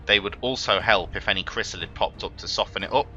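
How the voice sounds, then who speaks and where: A man's voice: fairly low pitch, quick pace, bright, forceful tone, highs cut off, soft background music. A man commentating his own strategy game run, swearing and prone to exasperated outbursts. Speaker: gaming let's player. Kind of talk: let's play commentary.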